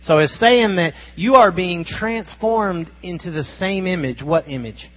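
A man's voice: high voice, unhurried, muffled recording. A man preaching a sermon in a conversational, emphatic way, asking his listeners rhetorical questions. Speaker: pastor.

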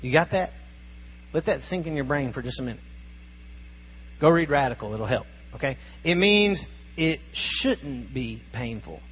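A man's voice: medium pitch, lively intonation, measured pace, pauses often, highs cut off, a little hiss or hum. A man preaching a sermon in a conversational, emphatic way, asking his listeners rhetorical questions. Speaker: pastor.

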